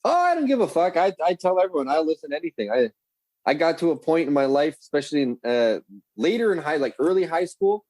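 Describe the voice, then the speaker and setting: A man's voice: fairly high pitch, fast, no echo, poor audio. A man, a podcast guest telling rambling, profane stories in casual chat. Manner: profane, rambling, animated storyteller.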